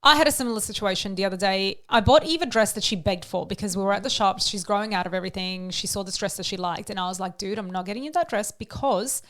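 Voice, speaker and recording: A woman's voice: mid-range voice, fast, few pauses, a bit bright. An Australian woman in her thirties co-hosting a casual podcast chat, telling stories animatedly, swearing freely and acting out quotes. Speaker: podcast co-host.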